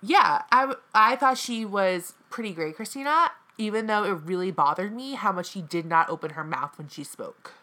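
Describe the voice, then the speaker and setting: A woman's voice: medium pitch, lively intonation, moderate pace, hardly any pauses, bright, forceful tone. A young woman from the American South, chatting opinionatedly about a reality show and mimicking people dramatically. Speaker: co-host. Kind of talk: casual reality-TV recap chat.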